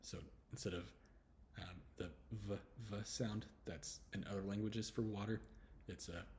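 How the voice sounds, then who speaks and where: A man from Texas with a Texan accent, casually teaching English letter sounds and repeating each sound slowly. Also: lowish voice, steady tone, darkish tone, slight background noise. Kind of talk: casual pronunciation lesson.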